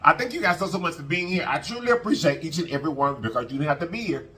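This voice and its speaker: A man's voice: a little high, very fast, bright, forceful tone, a little hiss or hum. A man vlogging an emotional personal story to his viewers, talking casually, repeating phrases and often thanking God. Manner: colloquial, addresses viewers as y'all. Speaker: mukbang vlogger.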